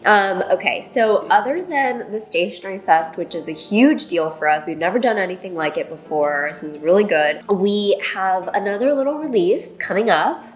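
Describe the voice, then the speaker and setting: A woman's voice: medium pitch, lively intonation, normal speed, few pauses, faint music behind, rough recording. A woman co-running a stationery shop, giving news in a casual, rambling, upbeat way and laughing often. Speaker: stationery shop co-owner presenting updates. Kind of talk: casual chatty announcement video.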